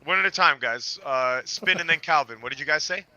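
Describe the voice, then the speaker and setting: A man hosts a casual group stream, talking excitedly and laughing between remarks. His voice sounds bright and a touch high, recorded dry and close with no room around it. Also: brisk, no room sound, highs cut off. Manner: excitable, laughing, swears freely. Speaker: livestream host.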